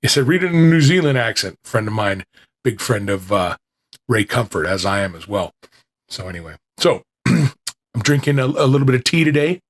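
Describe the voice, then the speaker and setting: A man's voice: on the low side, expressive, normal speed, breathy edge. A man hosting a small podcast, chatting casually with restarts, then reading an old lecture aloud, his voice still recovering. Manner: rambling and self-deprecating, with restarts.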